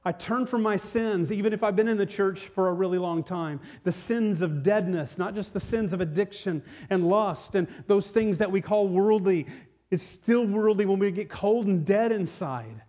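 A man preaching a sermon with a fairly high voice. He tells a personal story in an animated way, often restarting his sentences as he goes. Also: moderate pace. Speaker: pastor.

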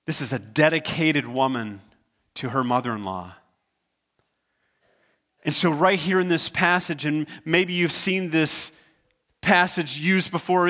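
A man's voice: a little high, pushed and bright. A man preaching a sermon as pastor. He retells a scripture story in his own conversational words, earnest and stumbling now and then over repeated words.

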